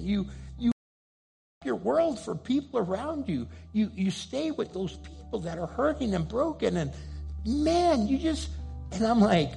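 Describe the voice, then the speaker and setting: A man who is a pastor, preaching a sermon with passion, rising to loud pleading and dropping to hushed asides. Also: high voice, creaky.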